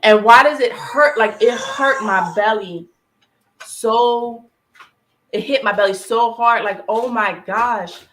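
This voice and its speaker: A woman's voice: on the high side, takes it slowly, fairly bright tone, slight background noise, low-quality recording. A woman co-hosting a talk show, telling a painful personal story in an earnest way, close to tears at times, with restarts and fillers, while she cooks on a video call. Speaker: podcast co-host.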